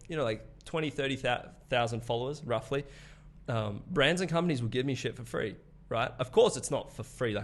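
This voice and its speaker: Australian man, twenties, podcast guest, casual, swears, laughs a lot. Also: medium pitch. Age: 20s. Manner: swears freely, laughs often, loose storytelling. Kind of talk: casual conversation.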